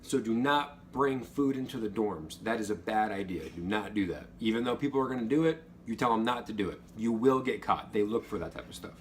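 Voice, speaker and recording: A young man telling stories and giving casual advice about basic training, acting out the instructors' yelling. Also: on the low side, fairly quick, hardly any pauses, slight background noise. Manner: animated, acts out drill instructors' yells. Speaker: vlogger, former Air Force trainee.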